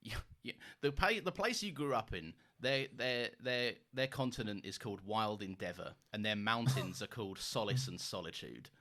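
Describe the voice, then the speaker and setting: A man co-hosting a podcast in casual chat, animated and laughing often, with quick restarts. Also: lowish voice, soft background music. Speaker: podcast co-host.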